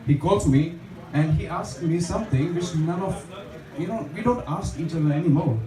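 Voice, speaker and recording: A man's voice: a little high, moderate pace, crowd noise. A young man doing open mic stand-up in a small bar, chatty and self-deprecating, with lots of fillers. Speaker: stand-up comedian. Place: small bar stage with a live audience. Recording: echoey bar room, distant mic, audience laughter.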